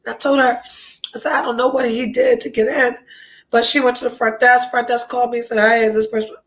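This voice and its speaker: Female podcast host, high voice, congested and nasal from a cold, candid and foul-mouthed, prone to tearful whispers. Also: level tone, quick pace, poor audio. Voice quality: nasal, stuffed-up. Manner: emotional, breaks into tears and whispers; blunt, swears freely. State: sick and congested. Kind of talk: casual chat.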